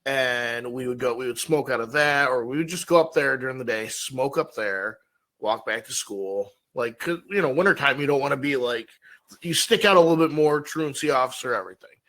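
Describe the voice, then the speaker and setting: Bright-voiced rambling male podcaster. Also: medium pitch, fairly quick. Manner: rambling storyteller, lots of fillers. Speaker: podcast co-host. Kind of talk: casual chat.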